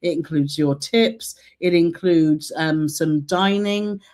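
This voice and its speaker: A woman's voice: low-pitched, slow pace, darkish tone. A woman co-hosting a live travel stream, chatting and reading out viewer comments with frequent laughs. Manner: chatty, bubbly, laughs often.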